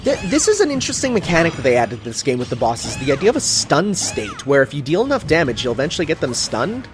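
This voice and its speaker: A man's voice: a little high, wildly swooping pitch, quick pace, over music. A man co-commentating a video game, chatting casually and rambling through trivia with lots of fillers.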